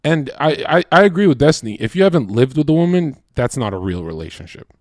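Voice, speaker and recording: A man ranting in a profane, loud debate-stream style, acting out voices as he tells stories. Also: medium pitch, big pitch swings, fast, dry recording, clean studio sound. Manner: profane, loud, acts out voices mid-story. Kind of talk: heated rant in a debate stream.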